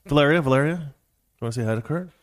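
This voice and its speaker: A man's voice: on the high side, fast talker, no room sound. A man hosting a casual livestream commentary show, talking in a sarcastic, ranting way. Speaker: host.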